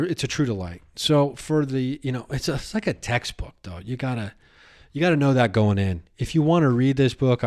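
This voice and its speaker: A man hosting his own podcast as a comedian, talking in a rambling, excitable solo monologue full of restarts and riffs. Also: fairly low pitch.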